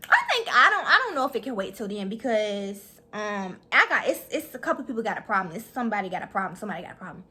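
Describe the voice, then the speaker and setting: A woman's voice: medium pitch, big pitch swings, fast talker, few pauses, pushed and bright. A woman voicing a confrontational teenage girl teammate who talks in a whiny, hesitant way. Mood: huffy.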